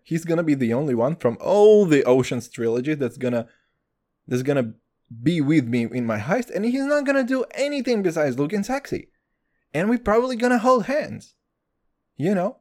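A young man doing a rambling, profane comic monologue, jumping between voices and pitches as he riffs. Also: moderate pace. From Israel. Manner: profane, excitable, riffing with sudden jumps in pitch.

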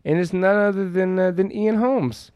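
A man's voice: sits high, normal speed, clear, resonant tone, dry recording, dull audio. A man co-hosting a podcast, animatedly retelling film scenes in casual, profane chat. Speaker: podcast co-host. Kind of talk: casual movie-review chat.

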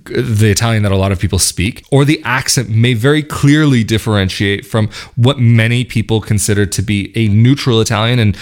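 A man's voice: on the low side, a little fast. A man talking casually to camera, thoughtful and rambling, laughing now and then and restarting his sentences. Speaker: vlogger. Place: lives in northern Italy near Venice.

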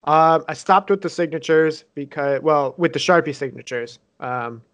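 Casting note: young adult male co-host, slightly high voice, loose profane banter. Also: moderate pace. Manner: joking, profane, teasing. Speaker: podcast co-host. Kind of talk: casual banter.

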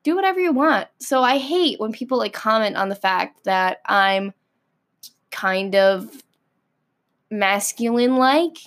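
A woman's voice: fairly high pitch, lively intonation, unhurried. An American woman ranting casually to camera, packing her talk with "like" and blunt, sassy swearing. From United States. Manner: filler-heavy, frequent "like". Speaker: vlogger.

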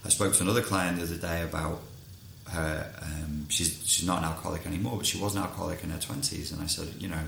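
A man's voice: deep voice, steady tone, quick pace, creaky, fairly bright tone, echoey room, slight background noise. A man who coaches clients, talking frankly in a casual monologue and swearing freely.

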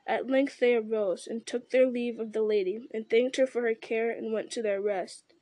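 Woman reading a fantasy novel, flat and steady. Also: a little high, moderate pace, no echo. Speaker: reader.

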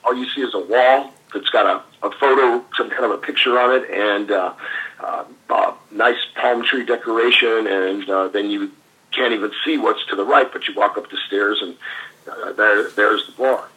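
A man's voice: lowish voice, fairly even intonation, normal speed, pushed and bright, breathy edge, low-quality recording. An older man, a former pro wrestler, animatedly telling anecdotes in a casual interview with laughs and fillers.

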